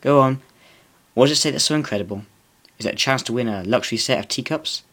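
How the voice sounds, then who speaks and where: A man voicing a cocky, sarcastic young male wizard who talks loudly and mockingly. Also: medium pitch, fast.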